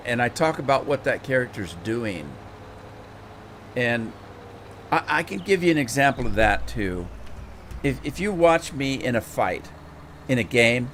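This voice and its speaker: Chatting casually while playing, a middle-aged man hosting a game livestream rambles and repeats words as he thinks. His medium-pitched voice is a bit bright, and there's slight background noise.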